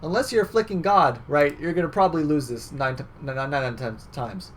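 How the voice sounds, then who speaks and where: A young man coaches someone through a game in a chatty, loose way, his voice a little high and fairly quick. He pads his talk with fillers and keeps tacking on "right?" There's slight background noise.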